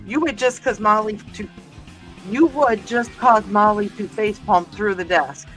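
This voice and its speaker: A woman's voice: medium pitch, unhurried, a bit bright, soft background music. A woman hosting a livestream in casual chat, reading viewer comments aloud and laughing often. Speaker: livestream host.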